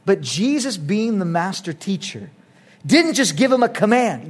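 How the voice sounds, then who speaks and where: A middle-aged man preaching a sermon as pastor, emphatic, moving between loud urging and quiet, earnest asides. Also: high voice, big pitch swings, unhurried, slightly rough.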